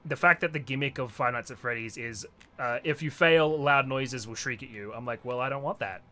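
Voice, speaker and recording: A man streaming a game and chatting casually, quick to laugh, rambling from topic to topic. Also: medium pitch. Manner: animated, laughs often, loose rambling talk. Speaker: streamer and co-host. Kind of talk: casual chat while gaming. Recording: faint game music behind.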